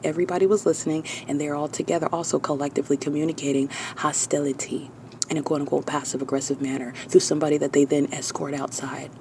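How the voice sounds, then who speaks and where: Self-documenting vlogger at mid pitch, insistent and repetitive, faint background noise. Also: darkish tone. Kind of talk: monologue to camera.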